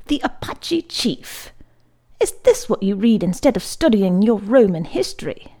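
A woman's voice: mid-range voice, big pitch swings, normal speed, dark tone. A woman voicing a stern male priest schoolmaster who scolds his pupils sharply. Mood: scolding.

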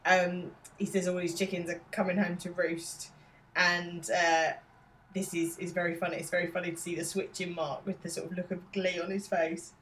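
A woman's voice: on the low side, little pitch movement, normal speed, fairly bright tone, a little hiss or hum, rough recording. A woman co-hosting a casual podcast, telling the story with a wry, giggly manner. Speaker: podcast co-host. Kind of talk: casual chat recapping a TV episode.

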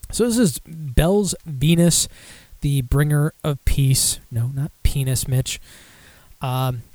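A man's voice: on the high side, darkish tone, no room sound. A young man hosting a casual podcast, rambling and self-deprecating with lots of fillers while running through beer news. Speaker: podcast host.

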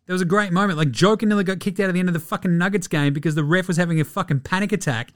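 Speaking very fast in a high voice, an Australian-accented podcast host talks basketball casually, full of blunt, profane rants. Faint music plays behind him.

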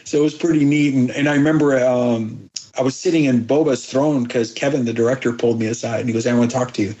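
Middle aged guy in an interview, earnest and halting, keeps restarting, voice right in the middle. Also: medium pitch, steady tone, dark tone, muffled recording. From abroad, moved to the United States as a child. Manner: earnest, halting, many restarts and quoted dialogue. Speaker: actor guest. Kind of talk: emotional interview storytelling.

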